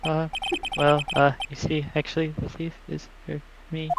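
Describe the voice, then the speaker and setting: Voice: mid-range voice, wildly swooping pitch, takes it slowly, heavy background noise, heavily acted. A performer voicing a timid, bumbling man who stammers and trails off, over background music.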